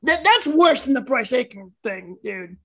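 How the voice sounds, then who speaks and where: A woman co-hosting a sports podcast in casual, excitable chat that often runs over her co-host. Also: high-pitched, a little slow, poor audio.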